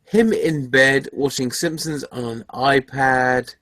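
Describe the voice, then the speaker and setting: A man's voice: medium pitch, takes it slowly, fairly bright tone, dry recording. A man hosting a casual podcast chat, reading an article aloud and poking fun at it with sarcastic asides. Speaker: podcast host.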